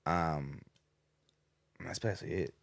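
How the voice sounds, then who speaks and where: A man's voice: low voice, unhurried, gravelly. A man chatting casually as a podcast guest, rambling with lots of fillers and casual swearing. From Australia. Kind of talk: casual chat.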